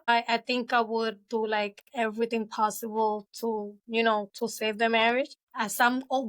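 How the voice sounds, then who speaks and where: A woman's voice: a little high, fairly bright tone, clean tone. A woman speaking as a podcast guest, talking candidly and reflectively with lots of "you know" fillers. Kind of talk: casual interview chat.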